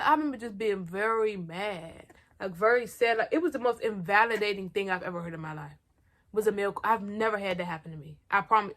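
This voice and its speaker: Her voice sits in the middle range with a fairly bright quality as the young woman tells a story from her own life for a storytime vlog. Talking right to her viewers, she's candid and slangy, with a blunt, self-mocking edge.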